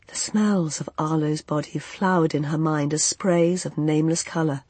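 An audiobook narrator telling a fantasy story in a soft, unhurried, expressive way. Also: medium pitch, husky, no echo.

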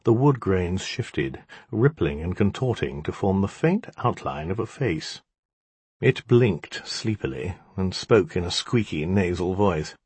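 A man's voice: deep voice, lively intonation, measured pace, a little mellow, breathy edge, no room sound. A man narrating a story in a wry, dramatic storytelling manner. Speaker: audiobook narrator. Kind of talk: scripted narration.

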